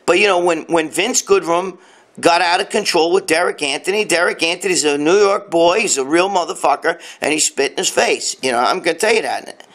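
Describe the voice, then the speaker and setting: This live show host, a man in his late fifties, rambles through a profane, no-nonsense rant while fielding viewer comments on a phone or webcam stream. His voice is fairly high, fairly quick, and a bit bright.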